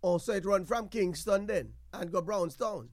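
A man's voice: high-pitched, moderate pace, no room sound, studio quality. A man with a Jamaican accent hosting a call-in radio show, bantering in patois, laughing often and repeating himself. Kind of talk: casual call-in radio chat.

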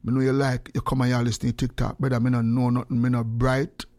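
A Jamaican man chatting casually in patois to viewers on a phone live stream, swinging between a high voice and a low one. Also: little pitch movement, fast talker, a little mellow.

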